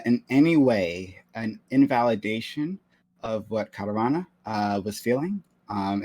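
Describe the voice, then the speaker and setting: A man's voice: medium pitch, a little mellow, poor audio. A man giving an opening statement in an online debate, hesitant and full of fillers.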